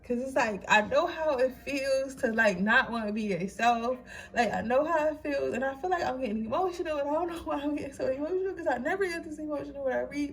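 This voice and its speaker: High-voiced young woman, tearful pep talk. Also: fast talker. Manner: slangy, swearing, preachy pep talk. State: crying. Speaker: tarot reader. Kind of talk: casual tarot reading to camera.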